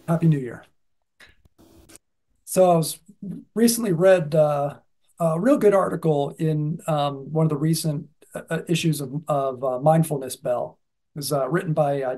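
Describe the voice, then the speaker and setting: Mellow-voiced man giving a folksy Zen talk. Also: a little high. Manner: folksy, halting with many fillers. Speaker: Zen dharma teacher. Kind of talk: casual dharma talk.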